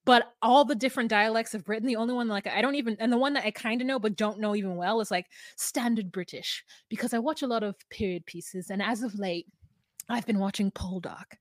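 A woman's voice: a little high, fairly quick, dry recording. A woman co-hosting a casual podcast chat, rambling and restarting her sentences with frequent laughs. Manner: rambling, self-interrupting, laughs often. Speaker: podcast co-host.

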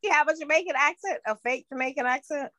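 A woman co-hosting a podcast, retelling a story in an expressive, exasperated way. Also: sits high, fast, no echo. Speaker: podcast co-host. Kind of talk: casual chat, storytelling.

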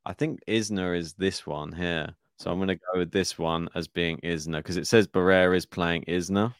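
A man's voice: low voice, fairly even intonation, normal speed, clear, resonant tone, no room sound, studio quality. A man co-hosting a tennis podcast, chatting casually through his bracket picks, laughing often and thinking aloud. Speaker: podcast co-host. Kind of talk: casual tennis draw chat.

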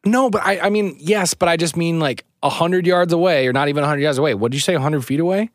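A man on a podcast co-hosting, asking incredulous, animated questions in casual banter. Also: fairly high pitch, fast, dry recording, studio quality. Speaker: podcast co-host.

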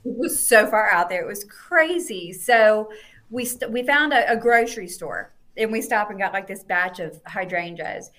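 A woman on a podcast, chatting casually and telling a story in animated bursts, quoting people in lively voices. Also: mid-range voice, moderate pace. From United States. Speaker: podcast guest.

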